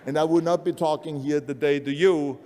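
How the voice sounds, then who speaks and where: A man's voice: on the high side, fairly even intonation, brisk, warm tone. Older Austrian man urging in a big hall. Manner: emphatic, blunt, repetitive urging. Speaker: motivational speaker. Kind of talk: motivational speech.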